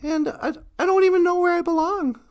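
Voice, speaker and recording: A woman's voice: extremely high pitch, fairly even intonation, fairly quick, darkish tone. A woman voicing a small, worried teddy bear who stammers and hesitates.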